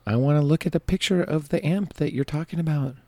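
A man co-hosting a podcast in casual chat, deadpan and teasing. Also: a little high, fast, no echo. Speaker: podcast co-host.

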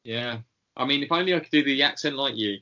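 Guy cohosting a chatty podcast, bright lively voice, lots of ums, kinda muffled lo-fi audio. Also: medium pitch, fast. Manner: rambling, hesitant with many ums, chuckling. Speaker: podcast co-host. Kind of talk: casual chat. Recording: dull lo-fi recording.

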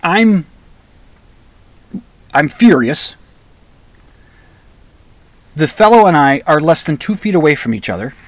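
A man's voice: on the high side, very animated, slow pace, pauses often, dry recording. A man telling a personal story in a conversational way, with restarts and flashes of raised, angry emphasis. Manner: conversational, restarts, flares into loud angry outbursts.

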